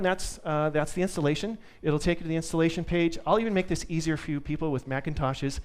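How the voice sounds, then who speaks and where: A man's voice: fairly high pitch, brisk, few pauses. A man giving a live conference tech talk to an audience, upbeat and joking. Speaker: conference speaker.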